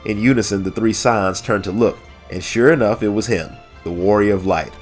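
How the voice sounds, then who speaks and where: A man with a nasal, congested voice from allergies, narrating a game lore story in measured audiobook style and hosting his channel. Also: fairly low pitch, soft background music. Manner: measured, friendly sign-offs.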